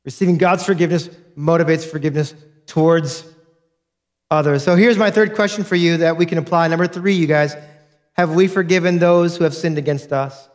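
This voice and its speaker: A man's voice: fairly high pitch, fairly even intonation, a little fast. Earnest male pastor preaching. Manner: earnest, direct, repeats key points to the congregation. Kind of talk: sermon.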